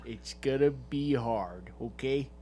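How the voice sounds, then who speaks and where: A man putting on the voice of a gruff old New York tough guy, brash and exaggerated. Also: mid-range voice, slow, warm tone, a little hiss or hum, close to an everyday voice. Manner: exaggerated brash wiseguy drawl.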